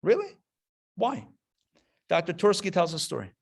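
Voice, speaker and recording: Passionate emphatic rabbi lecturing. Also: male voice, sits high, huge pitch swings, moderate pace, creaky, breathy edge. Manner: passionate, emphatic, repeats key phrases. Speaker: rabbi teaching a class. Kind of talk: live lecture. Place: classroom before a live audience.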